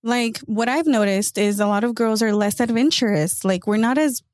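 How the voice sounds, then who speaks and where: A woman hosts a casual chat, her fairly high voice moving at a normal pace. She tells stories with animation and acts out what her friends said. The sound is studio quality with no room echo.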